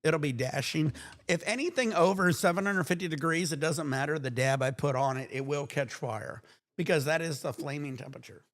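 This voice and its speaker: A man's voice: a little high, brisk. A man hosting a livestream, chatting casually and cutting in to make his point. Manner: animated, talks over others, insistent. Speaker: livestream host. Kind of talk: casual stoner chat.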